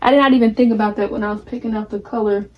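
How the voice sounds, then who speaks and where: A candid, chatty woman in her twenties talks straight to her viewers while working on a craft project. Her voice sits a little on the higher side, and she keeps it relaxed and unscripted. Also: racing, highs cut off. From United States. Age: 20s. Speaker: vlogger. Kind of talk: casual vlog chat while crafting.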